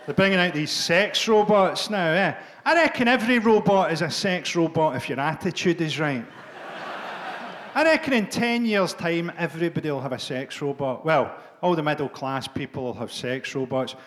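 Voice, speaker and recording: A Scottish man performing a stand-up comedy set, profane and deadpan, jabbing at the crowd in a live venue. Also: a little high, normal speed.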